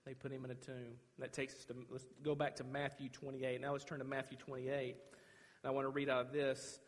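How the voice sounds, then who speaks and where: A man preaching a sermon, dramatic, swinging from loud declaring to hushed, quiet lines. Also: mid-range voice, completely flat delivery, fairly quick. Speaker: pastor. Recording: long hall reverb.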